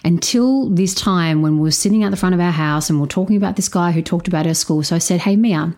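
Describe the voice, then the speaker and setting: A woman's voice: quick pace, darkish tone. A woman telling a personal story in casual, candid speech, swearing freely and acting out the dialogue. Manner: candid, swears freely, repeats phrases for emphasis; acts out dialogue, voicing a girl higher. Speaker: storyteller sharing a parenting story.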